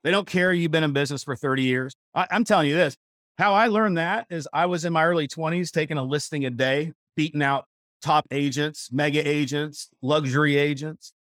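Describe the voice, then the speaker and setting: Brief: male sales trainer from Missouri, slightly high voice, punchy, repeats himself, dry close sound. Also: brisk, fairly bright tone, no room sound. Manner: emphatic, repetitive, self-correcting. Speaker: real estate sales coach. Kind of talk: seminar teaching. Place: seminar room.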